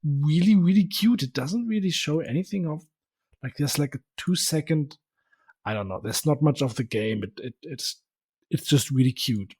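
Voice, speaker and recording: A man's voice: on the high side, lively intonation, moderate pace, darkish tone, slightly rough. A man co-hosting a casual podcast, reacting and describing things hesitantly, often trailing off. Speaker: podcast co-host.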